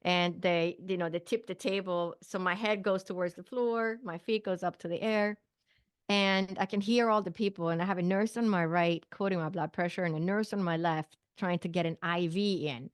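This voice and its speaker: Her voice on the low side with fairly even intonation, a middle-aged woman from Sweden speaks at normal speed with a clean tone as a guest on an interview show. A naturopathic physician and psychic medium, she vividly recounts a personal story, quoting dialogue and laughing softly. The studio sound is clean with no echo.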